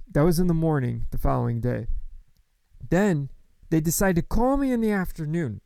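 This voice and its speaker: A man in his thirties talks straight to the camera in a frank, worked-up monologue, swearing freely. His voice is gravelly and mellow, pitched a little above the usual for a man. The sound is dry and close. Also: dry recording, poor audio. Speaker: vlogger. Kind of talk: candid personal monologue.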